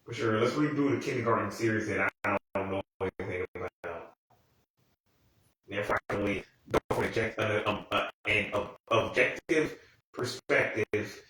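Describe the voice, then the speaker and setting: A man's voice: moderate pace, a bit bright. Young man, casual profane rant, rambling and exasperated; heavy room echo, sits well back from the mic. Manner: profane, rambling, exasperated, with sudden high-pitched outbursts. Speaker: TV commentator. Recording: very echoey room, voice from far off the mic.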